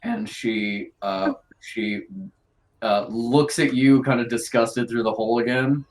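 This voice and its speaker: A man narrating as game master of a tabletop game, halting often with filler sounds. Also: medium pitch, steady tone, rough recording.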